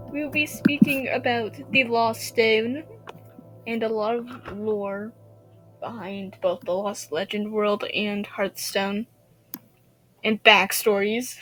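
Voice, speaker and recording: A woman's voice: medium pitch, fairly even intonation, slow pace, pauses often, a bit bright, soft background music, poor audio. A young woman hosting a casual podcast, chatty and giggly. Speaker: podcast host.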